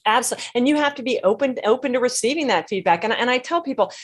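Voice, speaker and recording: A woman's voice: on the high side, animated, very fast. A woman guest in a podcast interview, speaking emphatically and punchily, full of sayings. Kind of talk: conversational interview.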